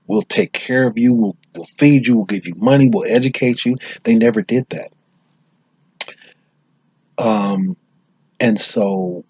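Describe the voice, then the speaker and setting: A man's voice: fairly low pitch, breathy edge, no echo. An American man giving unscripted commentary on social issues, talking emphatically and often restarting and repeating his phrases. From United States.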